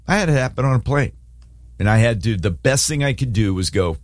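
A man hosts a relaxed faith talk show, his voice rising and falling with lively energy. He tells stories and acts out scenes with animation. The sound is dry, with no room echo. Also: medium pitch, fairly quick. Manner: animated, storytelling, dramatizes scripture scenes. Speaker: host.

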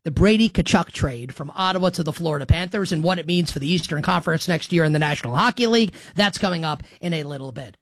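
Energetic male sports radio host. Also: fairly high pitch, dry recording. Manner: energetic, jokey, quick-talking.

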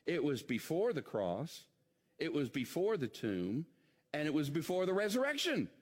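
Lively male preacher in a reverberant church. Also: a little high, normal speed, breathy edge. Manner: conversational preaching, rhetorical questions to the congregation. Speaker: pastor. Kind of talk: sermon. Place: church sanctuary.

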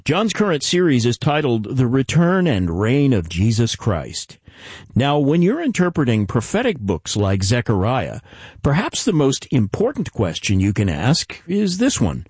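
A man hosting a Bible teaching radio program, announcing and reading offers in a smooth announcer delivery. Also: medium pitch, wildly swooping pitch, measured pace, a little mellow, no room sound, studio quality. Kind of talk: radio broadcast announcing and interview.

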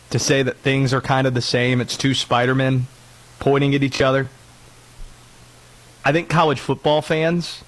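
A man's voice: medium pitch, low-quality recording. A man hosting a sports talk show, joking and playful in casual chat. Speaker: radio show host.

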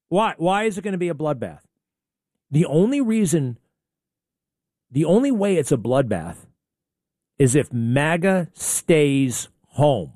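A man's voice: on the high side, big pitch swings, unhurried, long pauses, warm tone, no room sound, clean studio sound. A man hosting a talk radio show, ranting combatively and firing off rhetorical questions. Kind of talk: opinionated radio monologue.

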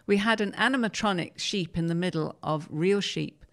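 A woman's voice: on the low side, normal speed. Woman reading articles aloud.

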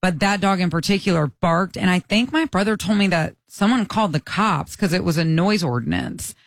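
A woman's voice: fairly low pitch, lively intonation, brisk, no room sound. A woman co-hosting a radio show, telling chatty personal stories. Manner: chatty storyteller. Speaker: radio co-host. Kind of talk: casual radio chat.

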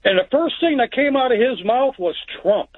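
Male caller on a phone line, high voice, tinny sound, plainspoken and rambling. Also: expressive, fairly quick. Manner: plainspoken, rambling storyteller with restarts. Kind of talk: telling a story on a call-in show. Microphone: telephone.

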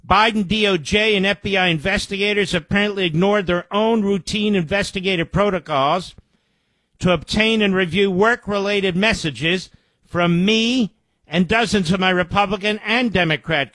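Man, political talk host, high voice, indignant and sarcastic, dry close sound. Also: moderate pace, pushed and bright, no room sound. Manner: indignant, sarcastic asides between quoted reports. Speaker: radio show host. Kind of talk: political commentary, reading news aloud.

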